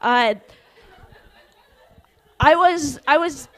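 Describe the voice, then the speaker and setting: A young woman doing stand-up comedy in a slightly high voice. She tells her stories in a halting way, full of small restarts and fillers. Her punchlines land flat and deadpan. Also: some chatter behind.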